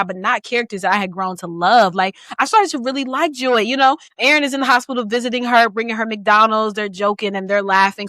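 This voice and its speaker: A woman in her thirties co-hosts a casual book podcast, talking in an animated, playful way with frequent laughs. Her voice sits a little high and sounds bright and ringing. The close microphone gives a dry sound. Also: dry recording. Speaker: podcast co-host.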